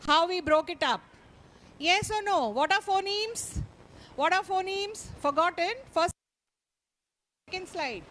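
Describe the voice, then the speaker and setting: High-pitched lady teacher trainer, goes real slow sounding out phonics, quizzes the class. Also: expressive, a little hiss or hum. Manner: playful, mock-pleading with a quiet class. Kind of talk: live phonics training session.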